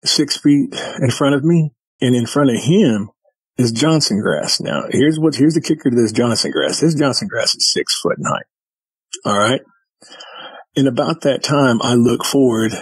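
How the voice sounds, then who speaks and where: Husky-voiced man telling a story. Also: mid-range voice, dry recording, low-quality recording. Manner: vivid retelling with quoted dialogue. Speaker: guest. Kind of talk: casual storytelling.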